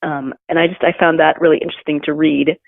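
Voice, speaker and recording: A woman's voice: sits low, fast talker, vocal fry, dry recording. A woman podcast host chatting attentively in an interview, responding and reflecting on the book. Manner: attentive, backchanneling, relaxed. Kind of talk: casual interview chat. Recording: dry phone-line sound.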